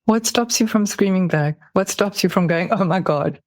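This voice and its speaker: A podcast host asking gentle, probing interview questions and reading a passage aloud. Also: medium pitch, moderate pace, no room sound.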